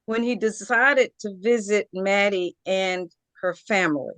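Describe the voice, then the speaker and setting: A woman's voice: mid-range voice, measured pace, fairly bright tone, no echo. A woman student in a Spanish class, reading aloud and answering hesitantly. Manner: hesitant, thinking aloud with fillers.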